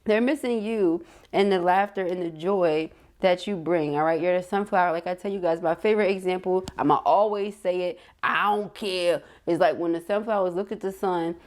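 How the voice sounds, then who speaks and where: A middle-aged woman giving a casual, slangy tarot reading to camera, chatty and quick to laugh. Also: on the low side, darkish tone. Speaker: tarot reader.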